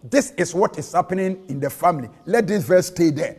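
Animated and a little fast, a Ghanaian prophet and preacher with a high, ringing yet darkish, husky voice preaches a sermon. He falls into a sing-song cadence and weaves in local-language phrases, the long reverb of a big church hall hanging on each line.

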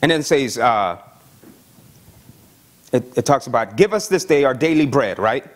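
A man's voice: medium pitch, moderate pace. A man preaching a sermon as pastor, reading scripture and often asking the congregation "amen?" and "right?". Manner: animated preaching, frequent "amen?" and "right?" checks.

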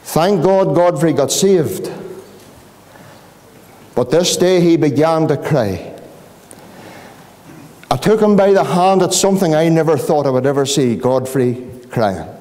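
Slow, pleading Northern Irish preacher. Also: male voice, lively intonation. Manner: pleading, rising to impassioned pitch and slowing to hushed questions. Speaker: pastor. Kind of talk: evangelistic sermon. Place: church hall. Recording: long hall reverb.

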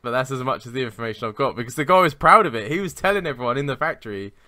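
Rapid-fire and sharp-toned, this medium-pitched man speaks with lively intonation, recorded in clean studio sound with no room reverb. He co-hosts a podcast, telling a meandering work story casually while cursing and laughing at himself.

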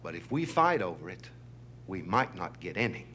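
A man's voice: low-pitched, sing-song, moderate pace, bright, forceful tone, slight background noise. A man, host of a TV special, telling a fable in a folksy, chuckling way. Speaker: storyteller, show host.

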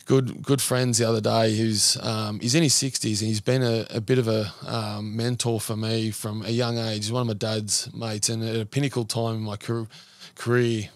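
A man's voice: on the low side, level tone, normal speed, no room sound. An Australian man talking earnestly as a podcast guest, rambling through stories with lots of fillers. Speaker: podcast guest, men's mental health support worker. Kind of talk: casual conversational interview.

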